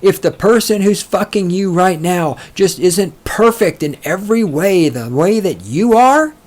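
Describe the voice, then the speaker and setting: A man's voice: high-pitched, animated, measured pace, darkish tone. A man hosting a solo book-discussion podcast, reading passages aloud and mocking them in a sarcastic, profane rant. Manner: reads passages aloud, then mocks them. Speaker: podcast host.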